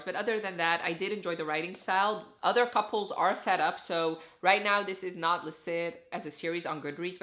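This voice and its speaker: Woman book reviewer, casual vlog chat; low-ish pitch, bright tone, filler-heavy delivery. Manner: chatty, frequent "like" and "so" fillers.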